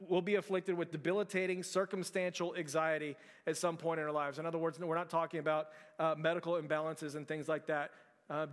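A man's voice: a little high, a bit bright, smooth, long reverb tail. A male pastor preaching a conversational sermon, with frequent restarts and fillers.

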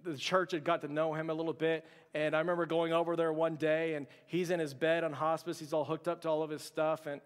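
A man's voice: a little high, flat delivery, fairly quick, hardly any pauses, clean tone. Earnest preacher man in a reverberant hall. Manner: storytelling, earnest, with restarts. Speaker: pastor. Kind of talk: sermon.

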